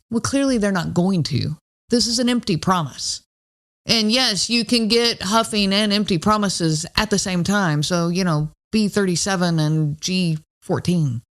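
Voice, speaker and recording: A woman's voice: moderate pace, fairly bright tone. Wry woman hosting a solo podcast. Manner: conversational, wry, acts out quoted lines in lower voice. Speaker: podcast host.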